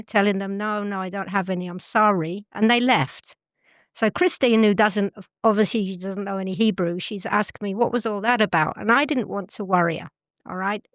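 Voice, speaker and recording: A woman's voice: medium pitch, dry recording. Earnest middle-aged woman, dry close sound. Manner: earnest, pauses to search for English words. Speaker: interview guest. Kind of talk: personal story in a conversational interview.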